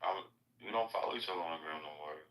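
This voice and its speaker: Deep, bright-toned young man bantering. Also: quick pace, reverberant, rough recording.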